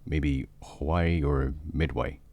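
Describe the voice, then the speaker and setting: A man voicing a quiet, serious young man who can summon a monster, soft-spoken and understated, for a fan-made audio story. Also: extremely low pitch, steady tone, slow, no echo, heavily acted.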